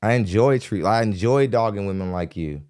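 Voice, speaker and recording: A man's voice: animated, normal speed, darkish tone, clear, resonant tone. A young adult man hosting a podcast, ranting bluntly and mockingly about a dating show and laughing between jabs. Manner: mimics others in high squeaky voices. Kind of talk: ranting reaction commentary. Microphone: studio mic.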